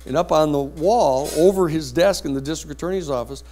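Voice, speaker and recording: A man lecturing a university class, telling a courtroom story in a blunt, lively anecdotal way. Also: a little high, fairly quick.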